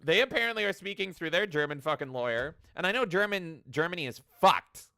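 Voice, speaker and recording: Excitable cursing man on a podcast. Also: on the high side, brisk, dry recording. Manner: animated, profane ranting with mocking quotes. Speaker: podcast co-host. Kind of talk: casual podcast chat.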